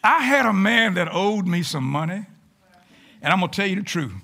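Man preaching in church, high gravelly voice, bright tone, folksy animated delivery. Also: moderate pace. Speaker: pastor. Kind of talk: sermon. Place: church sanctuary.

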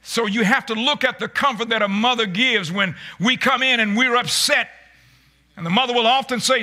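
A man preaching a sermon, calling out to the congregation and rising into shouts, often repeating his words. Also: very high-pitched, moderate pace. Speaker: pastor.

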